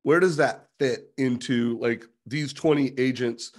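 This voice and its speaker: Guy hosting a talk, mid-pitch voice, keen on recapping the guest's ideas. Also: fairly even intonation, unhurried. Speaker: host. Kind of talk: interview talk.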